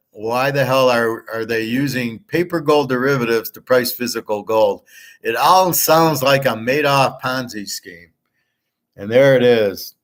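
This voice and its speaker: Profane fed-up man ranting. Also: medium pitch. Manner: profane, fed-up, reads his own comments aloud. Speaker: sports betting and gold commentary host. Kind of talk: ranting casual monologue.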